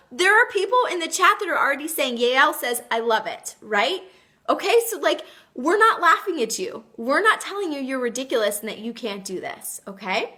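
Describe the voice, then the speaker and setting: A woman's voice: sits high, bright, forceful tone. A woman hosting a motivational live video, talking earnestly and emphatically and reading out viewer comments. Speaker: live stream host.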